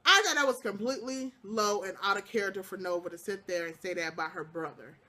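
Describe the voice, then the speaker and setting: A woman casually recapping a TV episode, telling the story with lively acted-out quotes and laughs. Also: medium pitch, fast. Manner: breaks into laughter and exclamations. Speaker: TV show recap vlogger.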